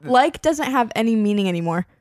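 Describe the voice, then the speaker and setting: A woman's voice: fairly high pitch, expressive, a little fast, no room sound, clean studio sound. A young woman co-hosting a podcast in casual chat, giggly and full of filler words. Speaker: podcast co-host.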